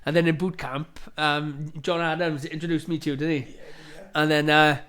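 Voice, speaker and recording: A man's voice: fairly high pitch, little pitch movement, normal speed, a bit bright, clean tone. A man co-hosting a radio show, telling rambling stories in a matey tone. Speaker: radio co-host. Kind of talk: casual radio chat.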